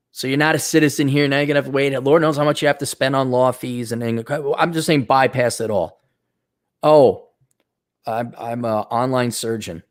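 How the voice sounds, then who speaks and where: A middle-aged man hosting a show, giving blunt, profane, lively advice in an unscripted monologue. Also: medium pitch.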